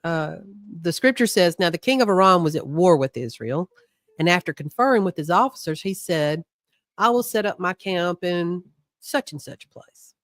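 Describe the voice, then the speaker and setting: A woman's voice: lowish voice, expressive, moderate pace, no room sound, studio quality. A woman co-hosting a Bible study, reading scripture aloud with chatty asides between passages. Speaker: co-host of a Bible study show.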